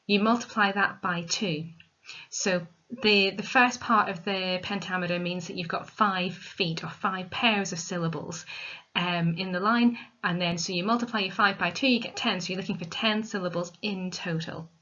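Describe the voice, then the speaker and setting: A woman teacher giving a recorded literature lesson, explaining step by step in a clear, methodical way. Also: medium pitch, steady tone, moderate pace, pushed and bright. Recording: dull lo-fi recording.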